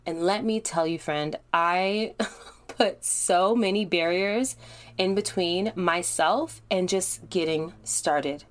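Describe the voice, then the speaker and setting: A woman's voice: on the low side, slow. A woman hosting her own podcast, talking candidly and directly to the listener in a chatty way. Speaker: podcast host. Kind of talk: solo podcast monologue.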